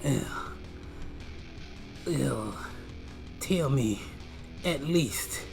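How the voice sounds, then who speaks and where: A comedic narrator retelling an action movie, excitable and full of sound effects and slang. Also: mid-range voice, extremely slow, gravelly, music in the background. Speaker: comedy film recapper.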